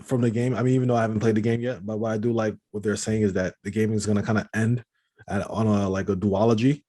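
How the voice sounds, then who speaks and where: A man's voice: fairly low pitch, steady tone, fast talker, dark tone. A man co-hosting a gaming podcast in casual chat, rambling with many restarts and fillers. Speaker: podcast co-host.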